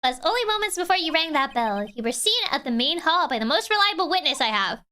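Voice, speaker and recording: Earnest young lawyer guy pressing a witness, bright high voice from a girl reading him, game lines. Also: very animated, fast, full character voice. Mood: accusing.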